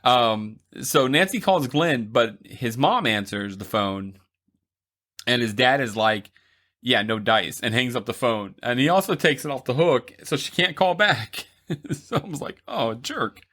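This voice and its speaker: A man's voice: mid-range voice, a little slow, a bit bright. A man co-hosting a podcast, casually recapping a horror movie's plot with laughs and asides. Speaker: podcast co-host.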